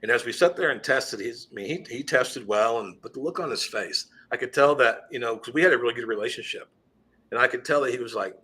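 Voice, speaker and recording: A middle-aged man with a bright, forceful, slightly husky voice tells a classroom story on a podcast. He speaks in earnest, circling back and restarting his sentences as he goes. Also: medium pitch, fairly quick. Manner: earnest, with frequent restarts and trailing asides. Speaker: teacher and podcast guest. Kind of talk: conversational storytelling.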